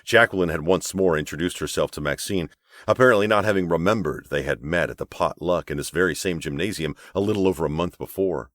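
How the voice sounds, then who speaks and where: A man narrating an audiobook novel with expressive storytelling. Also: deep voice, quick pace, dry recording, studio quality. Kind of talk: scripted narration.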